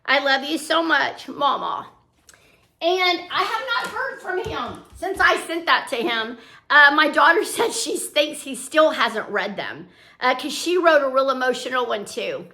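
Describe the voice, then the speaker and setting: A woman's voice: high voice, very animated, measured pace, pushed and bright. An older woman chatting casually at home as a vlogger, homey and talkative, drifting into little asides. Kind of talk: casual chat.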